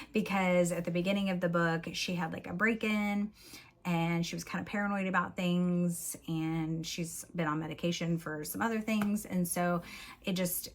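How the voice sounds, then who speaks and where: A woman book vlogger chatting casually through plot recaps, giggling often and leaning on "like" as she goes. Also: lowish voice. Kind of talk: casual book review chat.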